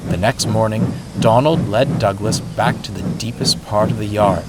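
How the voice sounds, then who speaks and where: A man narrating a scripted spooky story in a slow, suspenseful storytelling manner. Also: on the low side, heavy background noise. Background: music.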